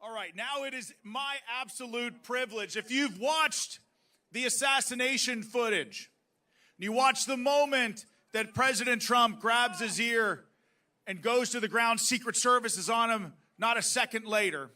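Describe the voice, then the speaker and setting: Man, rally emcee, high pitch, sharp bright tone, shouted crowd-hyping introductions, stage mic. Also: measured pace, distant mic. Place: outdoor political rally.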